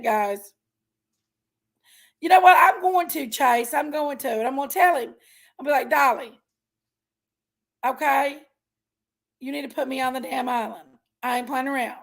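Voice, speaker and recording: A woman hosting a casual livestream, chatting in a folksy way and greeting viewers by name. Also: high-pitched. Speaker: livestream host.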